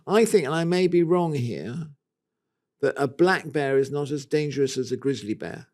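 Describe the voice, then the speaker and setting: A man's voice: a little high, moderate pace, a little mellow. A man co-hosting a casual podcast chat, rambling and playful, often restarting his sentences. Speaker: podcast co-host.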